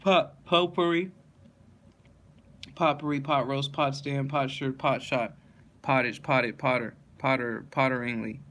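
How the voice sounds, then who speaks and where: A man reading dictionary entries aloud one after another in a flat, steady monotone, now and then stumbling and correcting himself. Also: mid-range voice, moderate pace.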